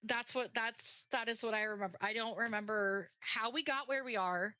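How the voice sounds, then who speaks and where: A woman's voice: on the high side, normal speed, sharp tone, no echo, highs cut off. A woman chatting casually on a stream, rambling through a story and acting out her friends' lines. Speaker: co-streamer, game jam teammate. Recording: faint background music.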